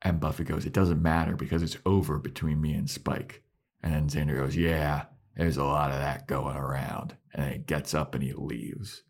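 A man's voice: rumbling low, fairly even intonation, normal speed, vocal fry. A man co-hosting a podcast in casual chat, retelling scenes by acting out the characters' lines. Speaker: podcast co-host. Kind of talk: casual chat recapping a TV episode.

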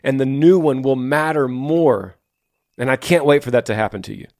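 A man's voice: medium pitch, moderate pace, a little mellow, no echo, clean studio sound. A man hosting a faith-based podcast, talking earnestly and telling stories to a listener. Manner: earnest, storytelling, reads listener messages aloud. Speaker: podcast host.

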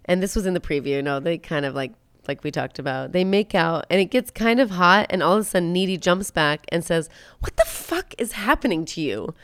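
A woman hosting a podcast, recapping a film in a casual, animated, jokey way. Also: fairly low pitch, a little fast, hardly any pauses, clear, resonant tone, dry recording. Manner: animated, jokey storytelling with quoted lines. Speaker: podcast host.

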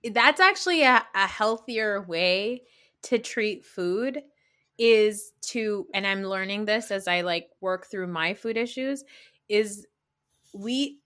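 A woman's voice: mid-range voice, slow, a bit bright. A woman in her thirties, co-hosting a podcast in casual, chatty conversation, with lots of filler words. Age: 30s. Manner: chatty, frequent likes and ums. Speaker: podcast co-host. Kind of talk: casual chat.

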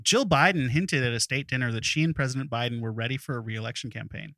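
A man reading jokes and giving notes in a casual writers' room, in an animated way. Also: medium pitch, quick pace, no echo, studio quality. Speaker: comedy writer.

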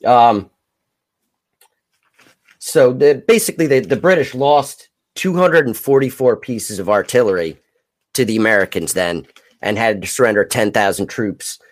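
A man hosting a podcast, recounting battle history in a halting, rambling way. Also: mid-range voice. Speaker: podcast host. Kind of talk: casual history talk.

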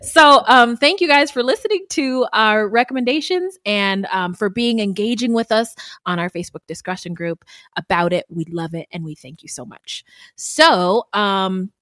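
A woman co-hosting a podcast in casual chat, blunt and animated, who swears freely. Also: mid-range voice, normal speed, no echo, studio quality. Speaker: podcast co-host.

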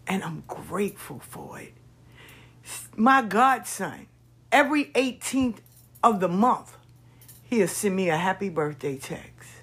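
A woman hosting a podcast, telling stories in a casual monologue, expressive and repetitive, swearing freely. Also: mid-range voice, husky. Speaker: podcast host.

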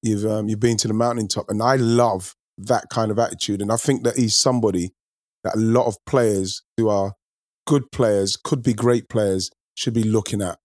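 A man's voice: lowish voice, fairly even intonation, moderate pace, a little mellow, dry recording, clean studio sound. A man co-hosting a football chat, talking animatedly and repeating himself as he builds a point. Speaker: football podcast co-host. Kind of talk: casual chat.

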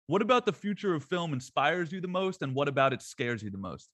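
A man's voice: a little high, lively intonation, brisk, a bit bright, no room sound. A male interviewer asking an actor polished, complimentary questions about film.

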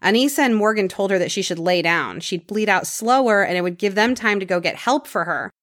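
A woman's voice: medium pitch, fairly quick, fairly bright tone, no room sound, clean studio sound. A woman hosting a podcast, telling a true crime story in a casual conversational way and dropping her voice for grim details.

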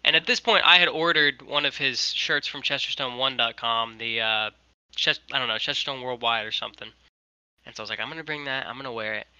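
A man's voice: medium pitch, fairly quick, clean tone, no room sound, rough recording. A young man, a guest on a video call, telling a long story in casual chat with lots of "like" fillers. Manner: animated, many "like" fillers. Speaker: guest, merch maker.

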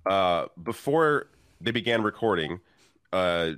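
A man's voice: low voice, animated, takes it slowly, a bit bright, no room sound, studio quality. A man on a political panel, reading out a tweet and commenting with amused laughter.

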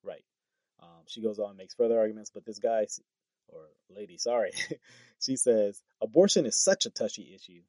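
A man's voice: on the low side, moderate pace, no room sound. A man giving casual political commentary, reading tweets aloud and reacting with incredulous, stumbling remarks and short laughs. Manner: animated, incredulous, stumbles over words with laughs.

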